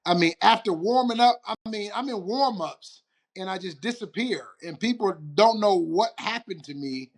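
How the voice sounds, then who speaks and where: Animated man telling a story. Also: high-pitched, normal speed. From Detroit, USA. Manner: animated storyteller, acts out quotes, laughs often. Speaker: guest, retired football player. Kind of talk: storytelling interview.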